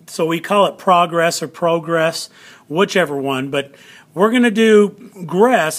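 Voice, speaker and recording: Slow, patient male teacher. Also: fairly high pitch. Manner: slow, patient, repeats words for emphasis. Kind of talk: classroom lesson video.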